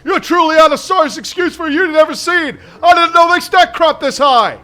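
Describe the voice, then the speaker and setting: A bellowing, insult-spitting drill sergeant, put on by a man reading game lines aloud. The voice is high, bright and forceful, shouting orders at recruits in a gruff game scene. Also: brisk, soft background music. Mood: berating. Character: harsh foul-mouthed male drill sergeant, bellowing.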